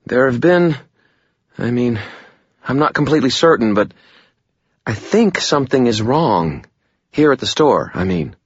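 A hesitant, shaky young woman from a bookshop stumbles through her words, as a man voices her. The voice is lifted high, husky and a bit muffled. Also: big pitch swings, measured pace, long pauses, no echo. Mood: anxious. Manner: hesitant, unsteady.

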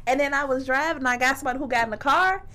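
High, bright, lively-voiced woman. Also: rapid-fire. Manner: expressive, laughing reactions and amazed retelling. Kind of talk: casual chat.

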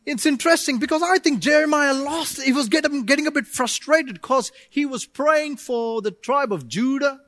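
A man pastor preaching a sermon, animated, with playful asides and acted-out prayers to God. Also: extremely high pitch, normal speed, few pauses, dry recording, studio quality.

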